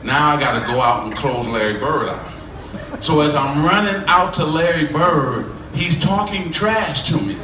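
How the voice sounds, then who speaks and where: A former basketball player telling a game story while laughing through it. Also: male voice, a little high, measured pace, roomy sound. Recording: loud noisy room, distant mic.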